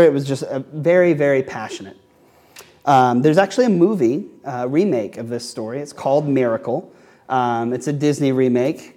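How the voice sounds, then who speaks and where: Mellow-voiced young man preaching casually. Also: medium pitch. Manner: conversational, fillers, repeats words. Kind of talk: casual sermon with storytelling.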